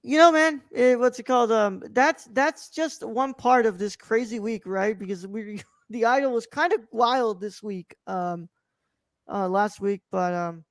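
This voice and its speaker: Gravelly guy rambling on a pop culture podcast, keeps saying what's it called, dry close sound. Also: sits high, measured pace, dry recording. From United States. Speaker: podcast co-host. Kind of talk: casual chat.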